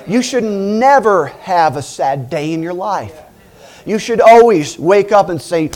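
A middle-aged man delivers a lively sermon with a fairly high voice. He keeps laughing as he talks and acts out little voices to drive his points home. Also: unhurried. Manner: animated, laughing, acting out voices. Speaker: preacher.

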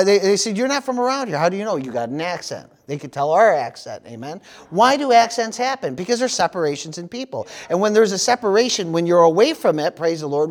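High-voiced preaching pastor, call-and-response. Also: male voice. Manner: call-and-response preaching, frequent "praise the Lord" and "amen". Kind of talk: sermon.

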